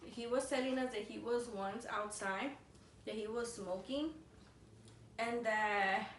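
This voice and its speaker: A young woman, a vlogger co-host, rambles through a story over a meal, leaning on constant "like" fillers and switching languages mid-sentence. Her voice sits on the high side and she takes her time. The recording sounds echoey, with a distant mic and faint noise.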